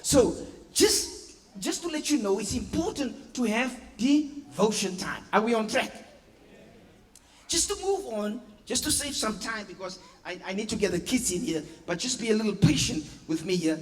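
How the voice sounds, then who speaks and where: A pastor preaching a sermon, asking the congregation for agreement and acting out family scenes with playful voices and sound effects. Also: male voice, high voice, expressive, moderate pace. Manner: preaching with call-and-response questions to the congregation. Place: church hall. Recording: long reverb of a church hall.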